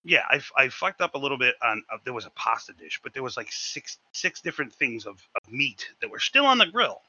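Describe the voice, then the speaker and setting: Animated man telling a kitchen story. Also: mid-range voice, a little fast, muffled recording. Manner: animated, swearing, acts out shouted quotes. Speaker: podcast co-host. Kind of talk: casual storytelling chat.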